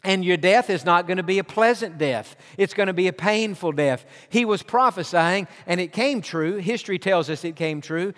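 A man with a high-pitched voice preaches a sermon, pressing his points with repeated refrains. His words ring out with a long reverb from a large hall. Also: moderate pace, hardly any pauses, a bit bright. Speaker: pastor.

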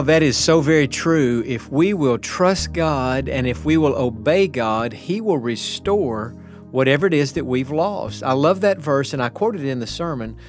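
Earnest encouraging male pastor. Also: mid-range voice. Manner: earnest, encouraging, personal storytelling. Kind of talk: devotional radio message.

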